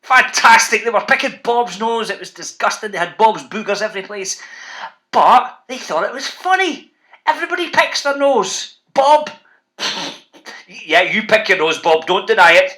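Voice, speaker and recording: Brief: playful Scottish author hosting a kids' reading session, bright and punchy. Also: male voice, high voice, animated, normal speed. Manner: bouncy, playful, calls out to the kids. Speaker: children's author presenting a reading show. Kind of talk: lively talk to school classes.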